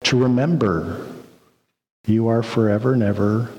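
A man preaching a sermon, slow and reflective, with many pauses. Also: fairly low pitch, darkish tone, lo-fi sound. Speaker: pastor. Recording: long reverb of a hall.

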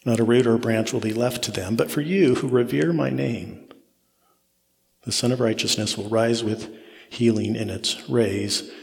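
In the long reverb of a large hall, a male pastor preaches an expository sermon at a moderate pace. His creaky, mid-range voice repeats phrases for emphasis while his intensity rises and falls.

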